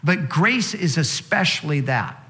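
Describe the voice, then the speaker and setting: Slow, emphatic male preacher. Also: a little high, animated, pushed and bright. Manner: restarts and repeats words. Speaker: pastor. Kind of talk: sermon.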